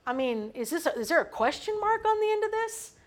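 High-voiced woman teaching scripture. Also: brisk. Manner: animated, asks the group questions. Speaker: Bible teacher. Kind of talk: teaching a Bible study.

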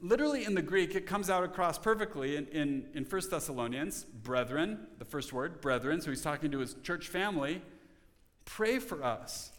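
A man's voice: on the high side, lively intonation, moderate pace, a bit bright. Earnest male pastor in a reverberant church. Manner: earnest, repeats words when restarting. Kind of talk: sermon. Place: church sanctuary.

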